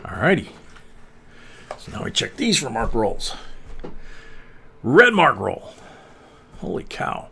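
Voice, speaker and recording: Older guy in his 60s hosting a coin livestream, gravelly voice, rambly chat with ums and chuckles, bit of faint hiss. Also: mid-range voice, wildly swooping pitch, slow pace, long pauses, sharp tone. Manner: rambling, chuckling, many fillers. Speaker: coin channel host.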